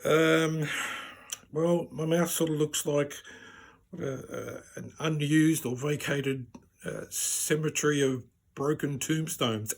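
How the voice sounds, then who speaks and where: Raspy-voiced man telling jokes. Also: on the high side, fairly even intonation, takes it slowly. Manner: wry and self-deprecating, laughs at his own jokes. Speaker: stand-up comedian. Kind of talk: stand-up storytelling.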